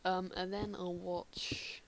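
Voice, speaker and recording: A woman's voice: lowish voice, flat delivery, slow pace, vocal fry, slight background noise. English woman muttering gameplay commentary. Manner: chatty, muttering half-whispered asides to herself. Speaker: Minecraft player.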